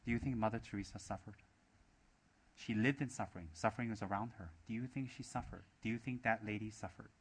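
A man's voice: fairly low pitch, fast talker, slightly rough. A man giving a Buddhist dharma talk, emphatic and repetitive, asking many rhetorical questions. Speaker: Buddhist teacher.

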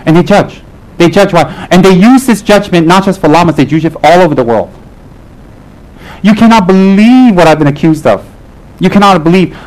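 A man's voice: high voice, lively intonation, moderate pace, darkish tone, poor audio. Wry man giving a teasing dharma talk. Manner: wry, teasing, with rhetorical questions. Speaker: Buddhist teacher.

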